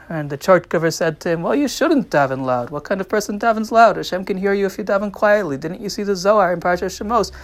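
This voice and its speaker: A man's voice: high voice, no echo. A man teaching a religious lesson with a story, acting out the quotes with rising and falling volume. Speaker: rabbi teaching. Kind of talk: Torah talk with a story.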